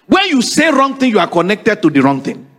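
Pastor, high lively voice, emphatic call-and-response preaching. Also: male voice, brisk. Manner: emphatic, repetitive, calls for congregation responses. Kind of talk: preaching sermon.

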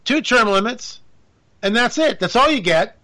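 A man's voice: animated, moderate pace, bright, forceful tone, poor audio. A man, a radio host, giving a joking, sarcastic political commentary monologue. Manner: joking, sarcastic, pitch jumping up for emphasis.

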